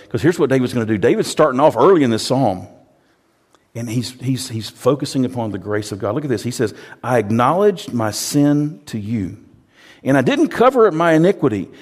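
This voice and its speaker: Gravelly-voiced preacher swinging hushed to loud. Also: male voice, lowish voice. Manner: swings from hushed to loud and emphatic, repeats phrases. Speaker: pastor. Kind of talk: sermon.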